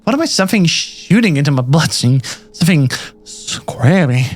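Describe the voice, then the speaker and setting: A man's voice: a little high, sing-song, normal speed, faint music behind, voice pushed up. A man voicing a tired, dazed young woman held captive, reading her thoughts aloud from a fan otome game. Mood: weary. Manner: weary, breathless narration of her own thoughts.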